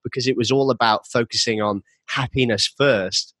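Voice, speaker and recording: A man's voice: medium pitch, steady tone, moderate pace, a bit bright, dry recording, rough recording. A man hosting an interview, talking candidly and earnestly before asking his question. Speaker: host. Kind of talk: conversational interview.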